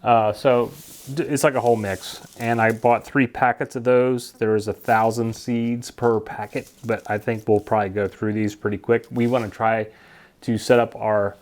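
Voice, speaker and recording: A man's voice: medium pitch, a little mellow. A man casually talking to camera about his seeds, rambling and stumbling over plant names he can't pronounce. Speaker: gardening vlogger. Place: basement at home.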